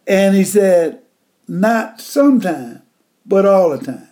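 An elderly preacher delivers a sermon in a raised, high voice with a warm, mellow tone. He talks slowly and folksily, leaning hard on words and dropping to a hush. His delivery is unhurried and plain-spoken. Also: expressive. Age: older. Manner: folksy, emphatic, swings between loud and hushed.

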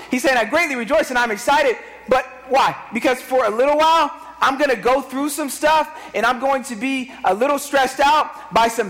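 A man in his thirties, a pastor, preaching an animated sermon with repetition and call-and-response to the congregation. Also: very high voice. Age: 30s. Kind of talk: energetic sermon.

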